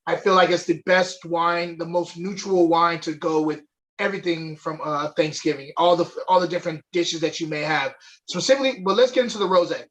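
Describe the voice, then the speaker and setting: High-voiced chatty man tasting wine. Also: fairly quick, a bit bright, lo-fi sound. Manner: enthusiastic, chatty, with fillers. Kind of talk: live online wine tasting chat. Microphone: webcam or desk mic on a video stream.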